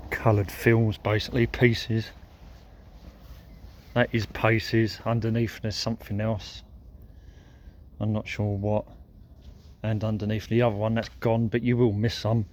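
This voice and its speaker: A man with a lowish voice talks his way slowly through a walk by a lake, musing aloud and pausing to think. He sounds a little sore. Faint outdoor noise sits behind him. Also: little pitch movement, a little mellow. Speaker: vlogger. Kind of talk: casual walking commentary.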